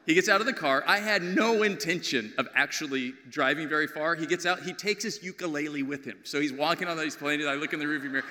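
A middle-aged man preaching a sermon as pastor, with animated storytelling that swings from loud to hushed. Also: fairly high pitch, fast. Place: large church sanctuary. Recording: long hall reverb.

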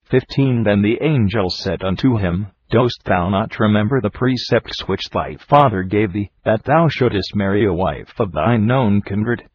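A man reading scripture aloud in a steady, measured way, calling out each verse number. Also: lowish voice. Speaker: scripture reader. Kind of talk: audiobook Bible reading. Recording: dull lo-fi recording with faint hiss.

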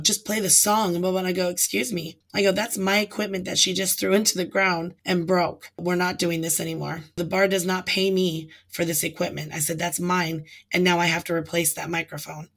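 A woman guest on a podcast, a karaoke host telling a story in a casual, animated way and acting out what people said. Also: fairly low pitch. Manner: animated storyteller acting out quotes, laughs often.

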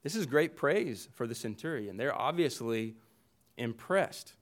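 A man preaches a sermon in a mid-pitched voice, explaining the text verse by verse. He drives his points home by repeating phrases, and he often restarts a sentence partway through. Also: expressive, measured pace. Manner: earnest expository preaching with emphatic repetition. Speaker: pastor.

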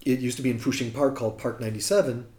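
A man's voice: medium pitch, racing. A man from the United States, a musician telling a casual anecdote and acting out the people he quotes. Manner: animated storyteller who acts out quotes. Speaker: guest musician. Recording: roomy echo.

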